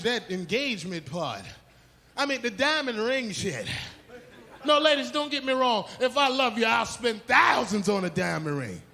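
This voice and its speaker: A man from Haiti doing a brash, profane stand-up comedy set on a club stage, telling animated stories. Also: very high voice. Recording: live club with loud crowd and noise.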